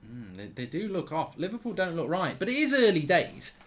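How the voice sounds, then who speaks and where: A man's voice: fairly high pitch, very animated, brisk. A man hosting a live football watchalong, chatting with viewers in a rambling, conversational way. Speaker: host.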